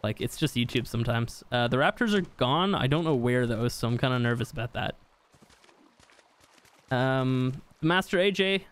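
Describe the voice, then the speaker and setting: A man's voice: mid-range voice, lively intonation, moderate pace, fairly bright tone, smooth. A young man hosting a live game stream, chatting casually and reading viewer comments aloud with easy laughs. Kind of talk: casual live-stream chat while gaming.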